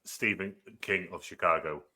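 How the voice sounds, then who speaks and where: A man with a low voice that has a very bright, forceful edge. He riffs in a casual review chat with a string of quick rhetorical questions. His talk comes in loose, joking bursts. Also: steady tone. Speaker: podcast co-host.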